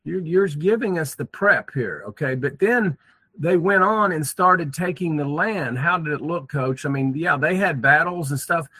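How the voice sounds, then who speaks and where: A man's voice: on the high side, lively intonation, normal speed, sharp tone, husky, no echo. A man talking earnestly as a guest on a talk show, often repeating words. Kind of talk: casual chat.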